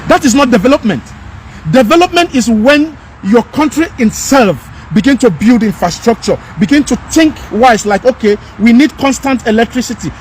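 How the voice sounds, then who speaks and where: A man's voice: extremely high pitch, expressive, a little fast, darkish tone, a little hiss or hum. A man delivering an emphatic, repetitive, scolding rant as a commentator. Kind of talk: impassioned rant.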